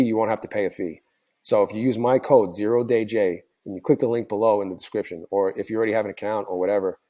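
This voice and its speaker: A man with a tired, hoarse voice, casually recapping his day's trades for his channel, rambling and correcting himself as he goes. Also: fairly low pitch, warm tone. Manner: rambling, self-correcting, many fillers. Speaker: trading channel host. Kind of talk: casual screen-share recap.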